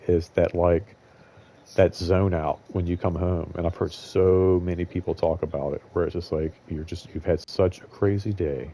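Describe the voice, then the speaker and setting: A man's voice: low voice, mellow. A young man hosting his own show, talking in a loose, rambling way, full of fillers and blunt swearing. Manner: rambling, filler-heavy, candid and profane. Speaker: show host. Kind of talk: casual rambling monologue.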